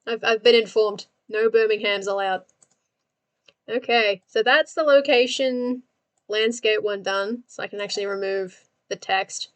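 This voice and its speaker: A woman's voice: medium pitch, unhurried. A young Australian woman hosting a livestream, chatting casually and laughing often while she works and answers her viewers. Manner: giggly, chatty, talks to chat while working. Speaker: livestream host.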